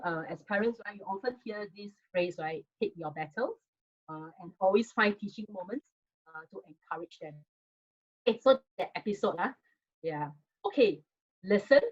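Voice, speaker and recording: A woman with a Singaporean accent gives a parenting webinar over a video call, talking to her audience in a loose, conversational way with plenty of fillers. Her voice sits in a middle pitch range. The call audio is a little dull and lo-fi. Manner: conversational, many fillers, addresses audience directly. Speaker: webinar speaker.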